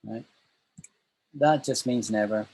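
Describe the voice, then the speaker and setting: A man with a low, husky voice teaches a live English class online. He talks in a chatty, emphatic way and repeats phrases to drive a point home. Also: takes it slowly, a little mellow, poor audio.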